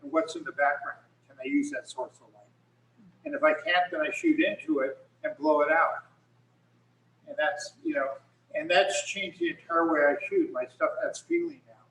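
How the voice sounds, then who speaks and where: A man's voice: a little high, huge pitch swings, normal speed, fairly bright tone, far from the mic, a little hiss or hum. A middle-aged man, a photographer, telling rambling stories in casual talk on a video call with many restarts. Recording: echoey room, speaker off mic.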